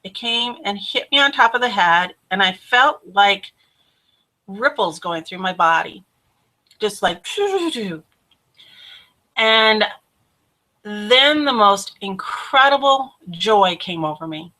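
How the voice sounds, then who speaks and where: Bright-voiced woman telling a personal story. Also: mid-range voice, slow pace. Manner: animated, laughs often, acts out quoted voices. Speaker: host.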